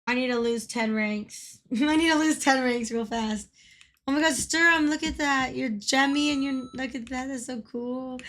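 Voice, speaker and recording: A woman's voice: high-pitched, slow, fairly bright tone. A woman streaming a game, chatting casually with viewers, giggling often and swearing freely when she gets worked up. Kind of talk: casual livestream chat.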